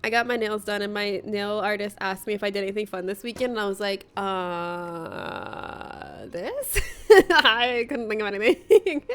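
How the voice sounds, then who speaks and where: A young woman streamer with a fairly bright voice on the high side chats casually with her livestream viewers. She's bubbly, laughs often, and greets people by name.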